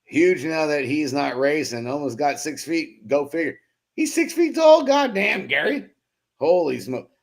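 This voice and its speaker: A man with a somewhat high, gravelly voice hosts a casual live stream. He reads viewer comments aloud, calls out chatters by name, and keeps the banter profane and full of laughter. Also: very animated, a little slow. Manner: joking, profane, laughs often; loose and teasing with chatters by name. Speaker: host of a BMX live show.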